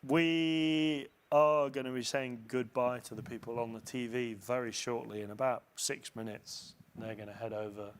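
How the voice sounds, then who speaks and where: A man's voice: mid-range voice, fairly even intonation, slight background noise. Chatty male football show host. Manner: chatty, quick to jump into commentary. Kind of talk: live studio football chat.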